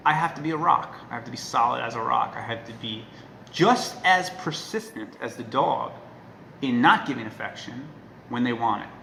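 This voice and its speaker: Gravelly, forceful man, earnest and emphatic. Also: mid-range voice, lively intonation, normal speed. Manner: earnest and emphatic, often checking in with "right?". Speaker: dog trainer. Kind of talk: casual talk to camera. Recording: echoey room with faint noise.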